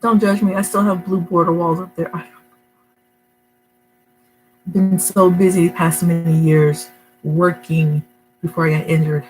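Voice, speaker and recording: A woman's voice: lowish voice, a little mellow, slight background noise, poor audio. Chatty emotional middle-aged woman vlogging at home. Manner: chatty, emotional, many fillers and restarts. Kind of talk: casual rambling monologue to camera. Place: her home, indoors.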